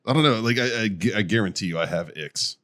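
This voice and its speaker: A man with a deep, low voice trades casual banter as a podcast co-host. He swears freely and tells stories with plenty of animation. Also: quick pace. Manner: profane, animated storyteller.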